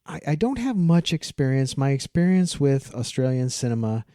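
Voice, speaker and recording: A man's voice: medium pitch, very animated, moderate pace, dark tone, dry recording, studio quality. A man with a Midwestern American accent, a podcast guest chatting playfully with many restarts. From Midwestern United States. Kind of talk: casual chat.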